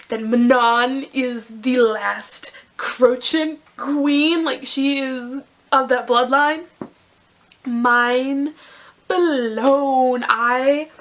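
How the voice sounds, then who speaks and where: A young woman gushing through a casual book review vlog, excitable and rambling, with many restarts. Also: a little high.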